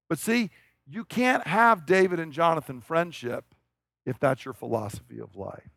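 A male preacher with a high-pitched voice delivers a sermon like a chat, telling the story and tossing out rhetorical questions. The sound is dry and close, with no room echo. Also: a bit bright.

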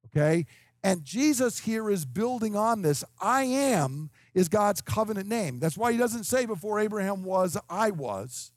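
A man's voice: high-pitched, very animated, measured pace, no room sound, clean studio sound. A man in his fifties preaching an expository sermon, explaining scripture emphatically and checking in with the listeners. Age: 50s.

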